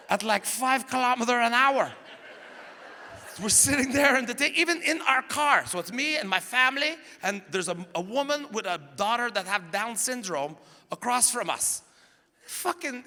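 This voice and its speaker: A man with a Quebec French accent performing stand-up comedy live, telling stories in an animated way and acting out what people said. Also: high-pitched. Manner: animated storytelling, acting out quotes. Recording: reverberant live venue with ambience.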